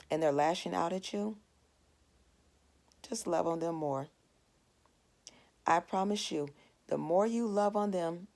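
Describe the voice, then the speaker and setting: A woman in her forties, with a fairly low, darkish voice and vocal fry, teaches a devotional Bible lesson. She's earnest and conversational, using a family story and plain everyday asides to make her point.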